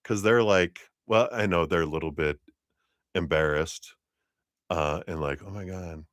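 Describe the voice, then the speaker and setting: A man's voice: low-pitched, measured pace, fairly bright tone, dry recording, studio quality. A man giving a live-streamed tarot reading, telling it as a rambling story full of fillers and laughter. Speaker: tarot reader.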